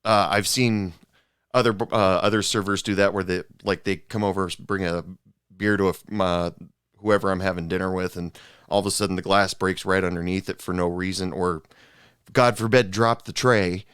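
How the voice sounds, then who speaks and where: A man hosting a podcast, telling restaurant stories in a relaxed, halting way. His voice is lowish and smooth. The sound is dry and close to the mic. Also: no echo. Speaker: podcast host. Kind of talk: casual chat.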